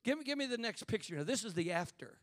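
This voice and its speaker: A man preaching a fervent sermon in church, building to shouts and calling out to the congregation. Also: sits high, big pitch swings, quick pace, dry recording, studio quality.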